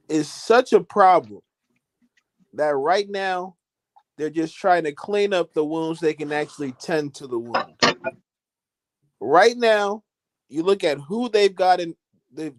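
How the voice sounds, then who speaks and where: A man on a football podcast who gives his opinion in a measured, reflective way. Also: fairly high pitch. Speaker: podcast co-host. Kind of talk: casual football chat.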